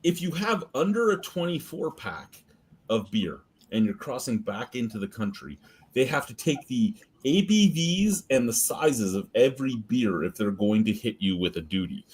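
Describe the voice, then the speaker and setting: A man's voice: mid-range voice, very animated, moderate pace, husky. A man hosting a beer review stream, telling an anecdote and swearing freely. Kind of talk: casual profane storytelling.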